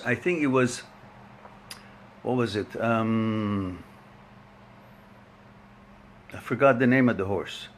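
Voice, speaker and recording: Male host, unhurried and chatty, forceful bright tone, laughs a lot. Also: mid-range voice, a little hiss or hum. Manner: chatty, laughs often, rambling. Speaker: host of a live online talk. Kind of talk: casual chat greeting viewers by name.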